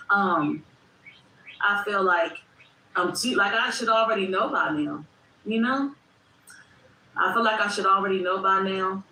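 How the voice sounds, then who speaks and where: A woman's voice: medium pitch, sharp tone. A woman, hosting a casual livestream, repeating herself and talking straight to her chat. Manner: repetitive, reflective, talks to chat directly. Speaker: livestream host. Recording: echoey room with faint background noise.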